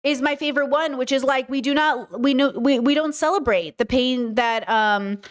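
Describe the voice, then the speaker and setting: Here a woman with a high voice talks at normal speed to her stream's chat. Her commentary comes across as impassioned, earnest, and somewhat preachy.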